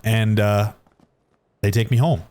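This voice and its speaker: A Canadian streamer with a lowish, steady, slightly mellow voice tells a story slowly while gaming at home. Sitting close to a studio dynamic mic, he rambles, restarts sentences, leans on fillers, and keeps poking fun at himself.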